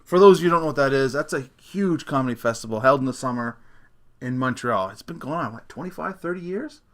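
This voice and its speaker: A man's voice: medium pitch, animated, quick pace. A middle-aged man hosting a comedic solo podcast rant, sarcastic and mocking, breaking into laughter often. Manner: laughs often between sentences. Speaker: podcast host.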